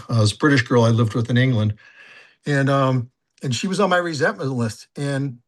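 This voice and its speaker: Older man, confessional testimony, halting, frequent ums, candid, plain mid-pitched voice. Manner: candid, halting, many fillers and restarts. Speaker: recovery sponsor and coach. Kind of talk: personal testimony, casual and confessional.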